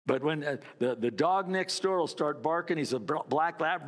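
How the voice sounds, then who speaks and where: A man's voice: high voice, moderate pace, in a large hall. A man preaching a sermon, telling a story and mimicking barking dogs with playful asides. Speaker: pastor.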